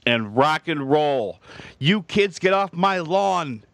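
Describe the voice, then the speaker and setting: A man's voice: on the high side, lively intonation, fairly bright tone, no room sound, pitched above the performer's own voice, heavily acted. A man putting on a crabby old man. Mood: grumpy. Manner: slow, grumbling, gravelly.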